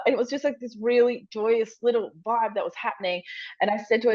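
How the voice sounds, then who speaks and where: A woman's voice: fast talker, dry recording. A woman, a stand-up comedian telling a story on a podcast, acting out quotes and swearing freely. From Australia. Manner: animated, acts out quotes with big pitch jumps, swears freely. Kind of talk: storytelling, casual chat. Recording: dull lo-fi sound.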